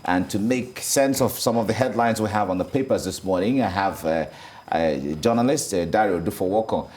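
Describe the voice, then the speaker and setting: Deep-voiced Nigerian man reading headlines. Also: darkish tone. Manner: reads headlines twice, slow and deliberate. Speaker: news presenter. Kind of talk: newspaper review reading headlines.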